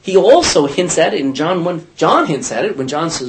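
A man's voice: on the high side, big pitch swings, moderate pace, low-quality recording. A man teaching a Bible study, asking his listeners questions and acting out scripture quotes in character voices.

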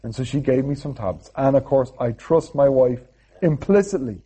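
A man's voice: mid-range voice, expressive, moderate pace, warm tone, breathy edge. A man preaching a sermon, telling a personal story in a chatty way and often checking in with "okay?". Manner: chatty, keeps adding "okay?".

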